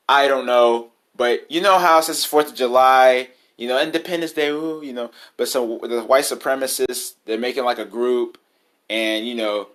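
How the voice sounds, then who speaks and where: A young man speaking into his camera in an off-the-cuff vlog. His voice sits at a middling pitch, and his talk is loose and full of slang. He drifts and rambles, then turns heated and emphatic as he gets worked up. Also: a bit bright. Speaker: vlogger. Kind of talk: casual opinion vlog to camera.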